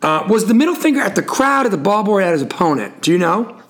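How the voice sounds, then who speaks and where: A man's voice: sits high, very animated, fast. Wry storytelling male sports host. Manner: storytelling, wry, full of wrestling references. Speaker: podcast host. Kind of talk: casual sports chat.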